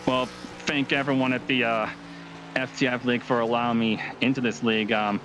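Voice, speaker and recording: A man being interviewed after winning a sim race, talking excitedly and rambling with fillers. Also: mid-range voice, fairly quick, over music, low-quality recording. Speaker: race winner.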